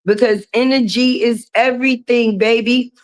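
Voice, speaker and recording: Broadcasting a laid-back live stream from her garage, a hoarse woman speaks at a moderate pace in a slightly high voice with a steady tone. She greets viewers by name and calls them baby as she chats.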